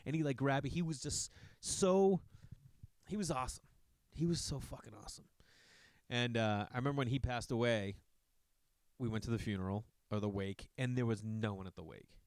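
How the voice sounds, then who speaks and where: Profane storytelling man, smooth voice. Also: medium pitch, moderate pace, long pauses, dry recording. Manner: profane, animated storytelling with asides. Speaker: comedian telling a story. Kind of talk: casual storytelling.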